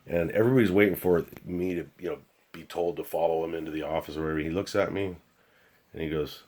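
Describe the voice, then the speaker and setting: A man's voice: deep voice, a little fast, darkish tone, husky. An older man telling a war story from his police days in a blunt, profane, casual way. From United States. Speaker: retired police officer telling stories.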